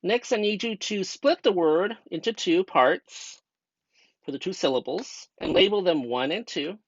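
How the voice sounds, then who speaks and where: A man's voice: high voice, measured pace, dry recording. A young man from the United States, a student teacher narrating a grammar lesson in a patient, step-by-step way and asking the class rhetorical questions. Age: young adult. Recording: dull dry lo-fi voice-over.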